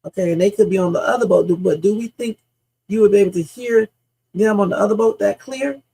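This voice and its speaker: A woman's voice: mid-range voice, fairly quick, vocal fry, dark tone, breathy edge, low-quality recording. A woman streaming reaction commentary in a casual, blunt, opinionated way, often tossing in "okay?" and the odd swear word.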